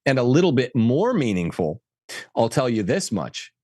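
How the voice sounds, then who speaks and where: A man speaking as a guest commentator on church affairs, talking fast and insistently in opinionated podcast style. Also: mid-range voice, big pitch swings, a little mellow, no echo, clean studio sound. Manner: emphatic, rapid, insistent.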